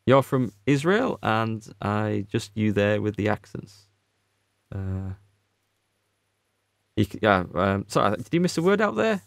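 A man's voice: lowish voice, sing-song, measured pace, creaky, long pauses, dry recording, studio quality. A man with a northern English accent chatting casually while playing a game, rambling and self-mocking. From Northern England. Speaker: let's play host. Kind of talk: casual gameplay commentary.

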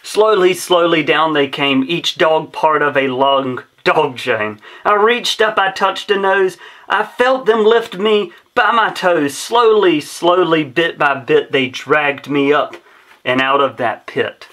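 A man's voice: a little high, animated, takes it slowly, bright, forceful tone. A man reading a rhyming children's story aloud in a rhythmic, sing-song way. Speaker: storybook reader.

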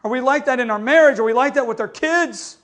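A pastor with an extremely high-pitched, fairly bright voice talks fast as he preaches a sermon with passion. He often calls out to the congregation for an amen.

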